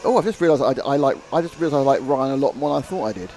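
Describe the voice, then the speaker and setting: Man, race commentator, chatty, jokey, mid pitch. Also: lively intonation, very fast, dark tone, slight background noise. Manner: chatty, jokey, reads viewer comments aloud.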